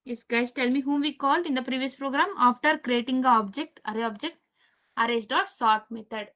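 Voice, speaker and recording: A woman's voice: high voice, brisk, fairly bright tone. A woman teaching a live programming class, repeating key steps and quizzing her students as she goes. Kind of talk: live coding lesson.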